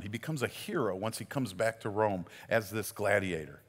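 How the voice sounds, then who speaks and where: A man's voice: on the low side, moderate pace, few pauses, in a large hall. A man giving a sermon as a community pastor, telling the story in a conversational way and often restarting his words.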